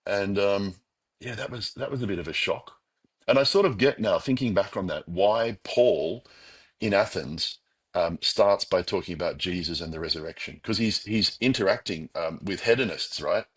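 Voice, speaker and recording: A middle-aged Australian man speaks as an interview guest, his voice a little low with a husky, breathy edge. He tells his story reflectively but with animation, restarting phrases and acting out his own past thoughts. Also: moderate pace, fairly bright tone. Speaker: podcast guest.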